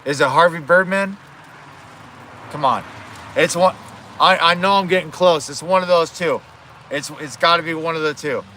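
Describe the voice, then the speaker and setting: Bright-voiced rambling male streamer. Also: a little high, normal speed, long pauses, a little hiss or hum. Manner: rambling, self-correcting, swears. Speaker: livestreamer. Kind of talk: casual livestream chat. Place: outdoors at home.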